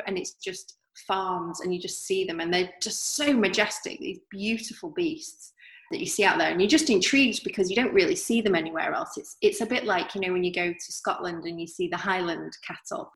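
Woman, northern English accent, casual interview talk, many fillers, echoey room. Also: mid-range voice. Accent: softened northern English. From northern England. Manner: chatty, many fillers and restarts. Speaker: artist guest. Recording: roomy echo.

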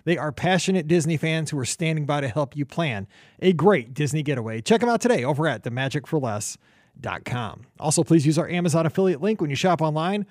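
A man's voice: on the high side, lively intonation, darkish tone, dry recording, clean studio sound. A man hosting a podcast, chatting casually and joking with his co-hosts. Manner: upbeat, joking, quick asides. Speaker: podcast host.

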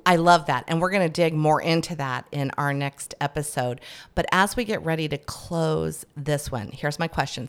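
A woman hosting a faith podcast, asking her guest questions and answering him with affirmations. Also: deep voice. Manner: warm affirmations, leading questions. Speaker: podcast host. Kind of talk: podcast conversation.

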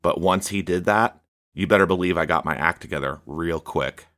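A man hosting a podcast, telling a personal testimony in a halting, reflective way with many fillers. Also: low-pitched, a bit bright. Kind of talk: casual testimony chat.

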